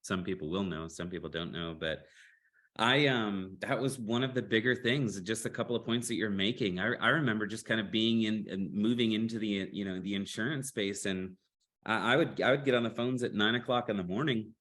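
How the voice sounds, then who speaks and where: A man co-hosting a sales podcast, telling a story in a relaxed, rambling way with hesitant fillers. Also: fairly low pitch, brisk. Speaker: podcast co-host, insurance sales agent. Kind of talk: casual podcast chat.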